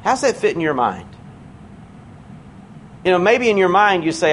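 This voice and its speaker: A man preaching a sermon in a church, conversational and earnest, slowing down to stress key words. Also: high-pitched, big pitch swings, fairly bright tone, slight background noise.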